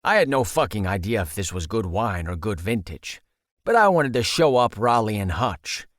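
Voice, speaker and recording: A man's voice: lowish voice, very animated, normal speed, no room sound, studio quality. A man narrating a first-person audiobook in a wry, conversational storytelling manner.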